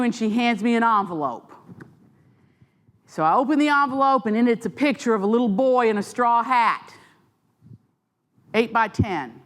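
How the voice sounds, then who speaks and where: A middle-aged woman with a Southern American accent, telling stories to an audience at a library author talk with lively, self-mocking asides. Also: fairly high pitch, a little slow, pauses often. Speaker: author speaking at a library event. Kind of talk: storytelling talk. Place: library event hall with an audience.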